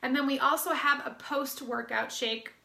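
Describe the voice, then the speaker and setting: Upbeat American woman, bright and high. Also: fairly even intonation, moderate pace, creaky, reverberant. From United States. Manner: upbeat, chatty, with fillers and restarts. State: slightly out of breath. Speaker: fitness business coach. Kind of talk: promotional recruiting talk.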